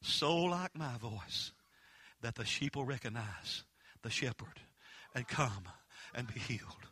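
A man preaching a fervent holiness sermon, mixing folksy storytelling with loud emphatic peaks. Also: medium pitch, expressive, slow pace, breathy edge.

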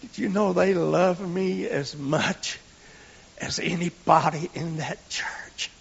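A man preaching a sermon in folksy storytelling, dropping to hushed whispers and rising to shouts. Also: on the high side, slow pace, gravelly, breathy edge. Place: church. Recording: echoey lo-fi church recording.

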